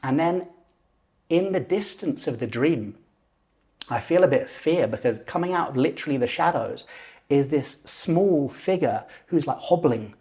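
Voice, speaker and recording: A man in his forties, a lucid dreaming teacher and podcast guest, telling a personal story in an animated way. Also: fairly high pitch, moderate pace. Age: 40s. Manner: animated, acts out voices and gestures while telling.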